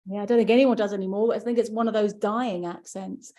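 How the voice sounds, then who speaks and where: A woman's voice: mid-range voice, fairly even intonation, fast, dark tone. An English woman, an audiobook narrator, chatting casually and explaining with examples. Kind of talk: casual conversation.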